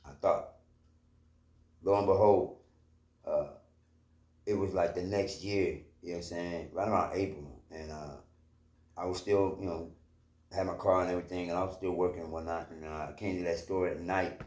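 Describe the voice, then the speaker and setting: A man's voice: low-pitched, fairly even intonation, moderate pace, long pauses, darkish tone. A man casually telling a personal story from his own life, rambling, with lots of fillers and swearing. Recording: roomy echo.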